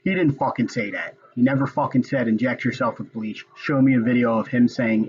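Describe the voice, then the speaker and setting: A political commentator with a medium-pitched voice rants casually and angrily at normal speed about a hearing he's watching, swearing often. The recorded commentary sounds lo-fi, with faint music behind him.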